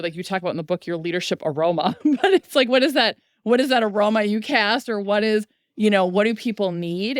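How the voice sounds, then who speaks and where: A woman with a fairly low voice hosts a podcast, responding with enthusiasm and building on her guest's points. The recording is dry and close-miked. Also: clear, resonant tone, dry recording. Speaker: podcast host, leadership expert. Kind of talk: conversational interview.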